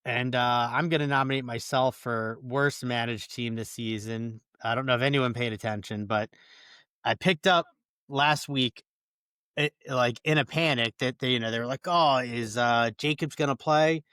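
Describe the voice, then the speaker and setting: A man's voice: medium pitch, steady tone, moderate pace, bright, forceful tone, clean tone, no echo, clean studio sound. A man co-hosting a casual podcast chat, rambling and cursing, laughing at his own bad luck. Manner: rambling, swears freely, laughs at himself. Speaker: podcast co-host.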